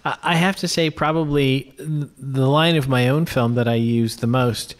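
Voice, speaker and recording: A man's voice: medium pitch, steady tone, normal speed. Laughing man co-hosting a film podcast. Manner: laughs readily, thinks aloud with small restarts. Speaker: film podcast co-host and filmmaker. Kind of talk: casual film discussion chat.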